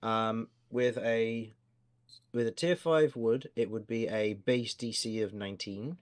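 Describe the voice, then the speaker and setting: Casting: man as game master, lowish voice, patient rules explainer. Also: measured pace. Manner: explanatory, hesitant fillers while working out rules.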